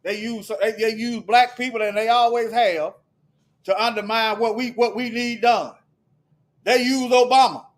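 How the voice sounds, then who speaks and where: A man delivering a heated, preachy monologue to his viewers, firing off repeated rhetorical questions and sometimes shouting. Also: very high voice, steady tone, moderate pace. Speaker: video commentator.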